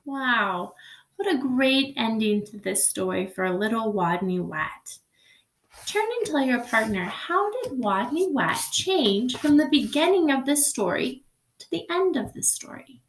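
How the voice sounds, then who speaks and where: A high-voiced woman teacher reads a picture book aloud to her class at an unhurried pace, her voice bouncing around a roomy space. She reads expressively and stops to ask the children questions. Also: big pitch swings.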